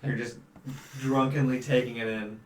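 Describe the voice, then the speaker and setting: A man running a live-streamed tabletop game as dungeon master, narrating with a laughing, lively manner. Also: mid-range voice, moderate pace. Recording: roomy room, distant mic, faint noise.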